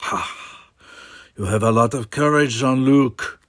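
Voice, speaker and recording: A man's voice: medium pitch, normal speed, no room sound, clean studio sound, natural voice. A man voicing a moody, slightly plaintive young man.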